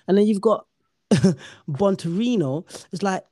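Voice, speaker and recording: Man, podcast host, mellow slightly high voice, dry sound, jokey banter. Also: very animated, normal speed, dry recording. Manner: bantering, swears freely, jokey. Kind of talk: casual podcast chat.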